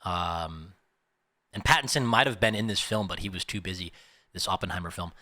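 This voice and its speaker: Young man, reaction host, bright voice, dry close sound, chatty rambling asides. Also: low voice, fairly quick, no room sound. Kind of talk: casual reaction commentary.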